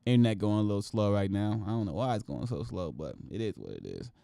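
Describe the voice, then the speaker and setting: A man's voice: lowish voice, expressive, quick pace, vocal fry, mellow, no room sound, studio quality. A man hosting a casual show where he reacts to news clips, with profane, joking rants. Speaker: show host.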